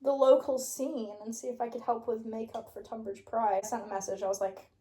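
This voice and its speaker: A woman's voice: on the high side, level tone, brisk, dark tone, reverberant. Chatty young British woman. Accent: British English. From England. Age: young adult. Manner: chatty storytelling, laughs often. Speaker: podcast host. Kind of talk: casual chat.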